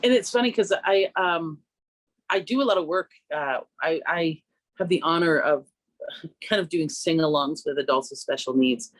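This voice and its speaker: Relaxed and reflective at a moderate pace, a woman singer from Canada who also coaches voice discusses her craft in a radio interview, her pitch lifting whenever she quotes herself. There's no echo on the recording.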